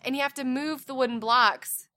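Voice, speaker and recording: A woman and mother chatting casually as co-host, telling animated stories loudly. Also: high voice, normal speed. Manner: loud, animated storyteller. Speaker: parent and co-host. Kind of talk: casual chat.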